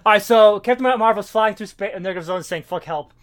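A man's voice: sits high, fast, fairly bright tone. A man co-hosting a casual comic book chat, rambling and profane, acting out characters' lines as he retells the story. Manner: rambling, profane, acts out quotes. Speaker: podcast co-host.

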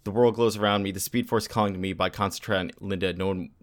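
A man's voice: low-pitched, steady tone, fast. A man co-hosting a casual comic book podcast, rambling through the story and reading comic panels aloud. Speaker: podcast co-host.

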